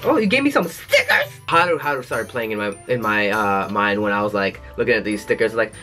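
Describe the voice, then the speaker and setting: Animated man reading fan mail. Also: on the low side, fairly quick, soft background music. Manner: animated, jokey asides between letters. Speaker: YouTube host.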